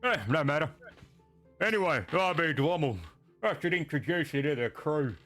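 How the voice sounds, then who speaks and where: A man voicing a rowdy, drunken dwarf ship captain who laughs and shouts in gruff sailor talk. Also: a little high, lively intonation, normal speed, soft background music, pitched above the performer's own voice. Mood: jovial.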